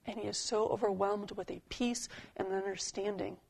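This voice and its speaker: A woman preacher giving a sermon, telling a story and reading a poem in a deliberate, dramatic way. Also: medium pitch, steady tone, creaky, darkish tone, husky.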